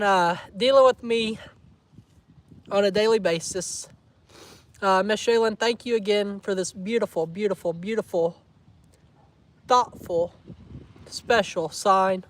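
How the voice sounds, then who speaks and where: Man, high-pitched, casual vlog chat, teasing, emotional. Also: steady tone, a little slow, long pauses. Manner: emotional, teasing, says y'all a lot. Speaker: vlogger.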